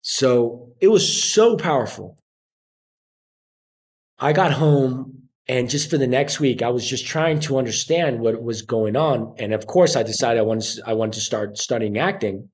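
A man's voice: mid-range voice, a little slow. A man, a podcast guest telling stories in a casual way and acting out the voices of people he quotes. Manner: animated, acts out quoted voices. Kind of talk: casual storytelling.

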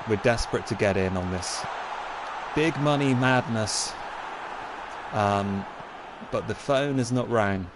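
A man hosts a comedic football game stream in a lowish voice. He stays deadpan and mock-earnest, stumbling through plenty of ums and uhs. A faint background hum sits under him. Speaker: streamer and host.

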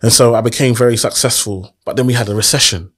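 A man's voice: mid-range voice, fast, breathy edge. A man tells his story in a casual interview, earnest and motivational, often asking rhetorical questions. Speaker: guest.

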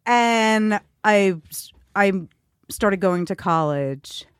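A woman's voice: medium pitch, lively intonation, very slow, clear, resonant tone, no echo, studio quality. A middle-aged woman from Queens, chatting as a guest and acting out other people's voices. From Queens, New York. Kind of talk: casual chat.

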